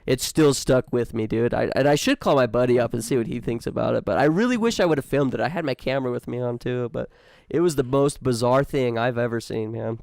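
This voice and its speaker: A man's voice: mid-range voice, quick pace, creaky, a little mellow, no echo, studio quality. A man co-hosting a casual podcast, telling stories in a laid-back way and calling his friends dude and man. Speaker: podcast co-host. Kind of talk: casual chat.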